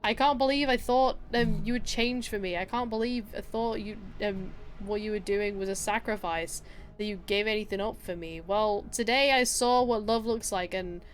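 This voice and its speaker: A woman's voice: mid-range voice, fairly even intonation, moderate pace, soft background music, close to an everyday voice. A woman voicing a tender, dramatic young woman love interest from a game, earnest and emotional. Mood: hurt.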